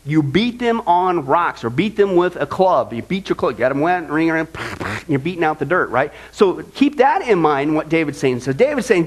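A man preaching a sermon as pastor, conversational and animated, often checking in with "okay?". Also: fairly high pitch, normal speed, rough recording.

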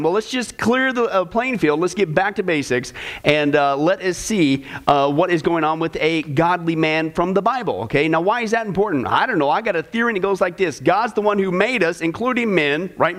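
A man's voice: sits high, fairly bright tone. A man teaching a discipleship class in a casual, folksy way, with sarcastic humor and chuckling asides.

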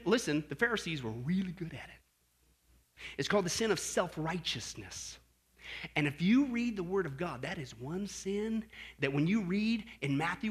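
Male pastor preaching, gets loud then drops to a hush, highish bright voice. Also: slightly rough. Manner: animated preaching, swinging from loud outbursts to hushed asides. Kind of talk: sermon. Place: Las Vegas.

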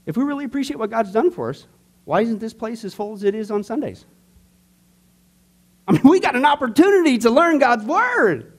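Animated high-voiced man teaching church class. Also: a little fast, long pauses, slightly rough. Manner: conversational, jokes with the class, acts out skeptics. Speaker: pastor teaching a discipleship class.

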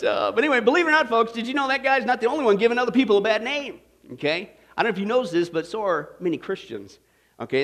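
A man preaching a sermon, telling a funny story with lively asides and frequent "okay?" check-ins. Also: high-pitched. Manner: joking storyteller, animated, many "okay?" and "right?" asides. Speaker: pastor.

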